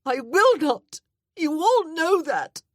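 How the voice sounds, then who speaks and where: A woman's voice: on the high side, a little slow, slightly rough, no room sound, clean studio sound, voice pushed up. Woman voicing a wailing young widow. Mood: anguished. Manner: wailing, tearful outbursts. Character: grief-stricken young widow, guarded.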